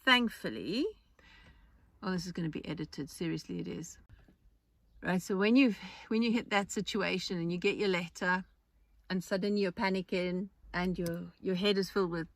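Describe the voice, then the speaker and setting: A woman's voice: on the low side, normal speed, no echo. A woman hosting a podcast, talking in a chatty, rambling way with restarts and asides. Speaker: podcast host. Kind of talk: casual monologue.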